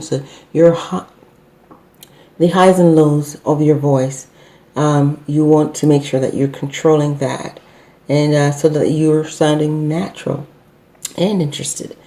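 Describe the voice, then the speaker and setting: Her voice deep and dark, a middle-aged business owner gives an unscripted customer service lesson. She hesitates frequently, filling pauses and revising what she says.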